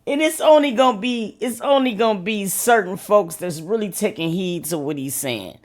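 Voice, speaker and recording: A woman's voice: medium pitch, moderate pace. A woman hosting a reaction video, making amused, laughing asides about a clip. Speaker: reaction channel host. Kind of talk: casual reaction commentary.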